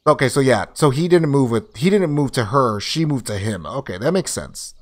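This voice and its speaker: A man's voice: mid-range voice, lively intonation, normal speed. A man casually commenting as he streams a story game, loose, profane and jokey, often breaking into laughter.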